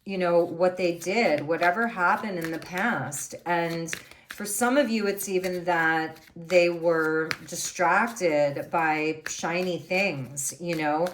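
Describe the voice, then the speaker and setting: A woman's voice: fairly low pitch, slow pace, slight background noise. A woman doing a tarot reading, musing and thinking aloud as she turns over the cards. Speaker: tarot reader.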